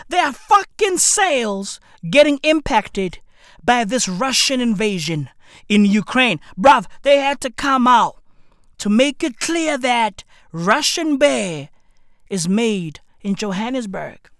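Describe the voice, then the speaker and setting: A woman's voice: high voice, lively intonation, takes it slowly, dry recording, clean studio sound. A woman with a South African accent, ranting in profane comic commentary and swearing heavily. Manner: rants loudly with heavy swearing and slang. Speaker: comedic commentator.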